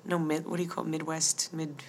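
A woman's voice: sits low, little pitch movement, fairly quick, a little hiss or hum. A woman co-hosting a casual podcast, rambling through a story with lots of fillers and frequent laughs. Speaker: podcast co-host. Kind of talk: casual recap chat.

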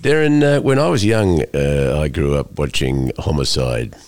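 A man hosting a casual chat, relaxed and hesitant with fillers. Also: very deep voice, moderate pace. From Australia. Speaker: host.

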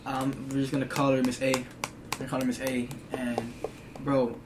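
A man's voice: mid-range voice, monotone, normal speed. A teenage man in casual chat, telling rambling stories in heavy slang. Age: teens. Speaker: co-host. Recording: distant mic with background hiss.

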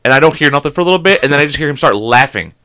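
Young guy ranting fast through a story, bright voice, swears a ton. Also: a little high. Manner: animated, swears constantly, acts out quotes. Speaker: podcast co-host. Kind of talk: casual storytelling chat.

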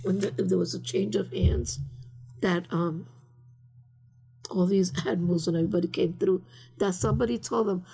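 Older woman interviewee, husky and a bit gravelly, chatty and rambling, drops into Spanish. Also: on the low side, steady tone, normal speed, pauses often, warm tone, soft background music. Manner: rambling, many fillers, slips into Spanish phrases. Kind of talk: casual storytelling.

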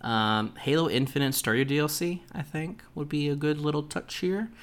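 A man's voice: fairly high pitch, moderate pace. A man hosting a podcast alone, speculating in a casual, loose way. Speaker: podcast host. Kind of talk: solo podcast commentary.

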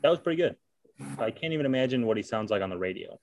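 A man's voice: medium pitch, animated, rapid-fire, darkish tone, a little hiss or hum. A man hosting a podcast, chatting casually about baseball and teasingly quizzing his co-host. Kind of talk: casual sports chat.

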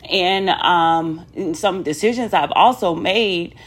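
A woman's voice: on the low side, takes it slowly, husky. A woman talking candidly to viewers in a casual personal vlog, chatty, with many ums and asides to "y'all". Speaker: vlogger.

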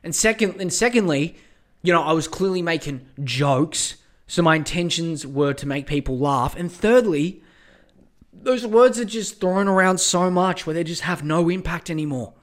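A man hosting a casual podcast, ranting in a profane, excitable way that often turns exasperated. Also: fairly high pitch, moderate pace. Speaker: podcast host.

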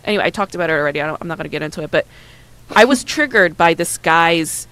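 A woman in her thirties telling a personal story in casual chat, candid and animated, with many "like" and "right?" fillers. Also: lowish voice, racing, smooth, no room sound, poor audio.

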